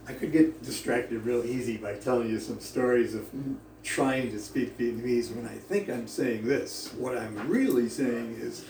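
Speaking at an unhurried pace in a mid-range voice, a man delivers a sermon to his congregation. His humorous tale wanders off into asides and is punctuated by frequent chuckles, heard from afar in an echoing hall with slight room noise.

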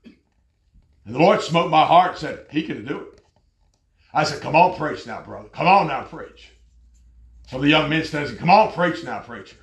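A man preaching a fervent sermon, telling stories and rising to loud exclamations. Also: on the high side, lively intonation, unhurried, long pauses, reverberant.

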